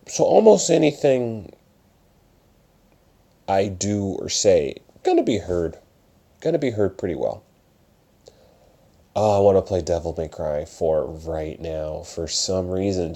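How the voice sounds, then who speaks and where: A man's voice: deep voice, dark tone. A young man hosting his podcast alone, talking casually and rambling from topic to topic in his room at night. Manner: rambling, self-distracted, slips into mock voices. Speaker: podcast host and open mic organizer. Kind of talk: casual solo talk. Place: upstairs room in his parents' house at night.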